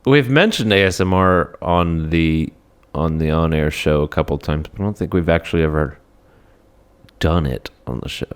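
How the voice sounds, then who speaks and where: A man's voice: rumbling low, moderate pace, clear, resonant tone. A man hosting a podcast in casual chat, steering the talk and laughing often. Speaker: podcast host.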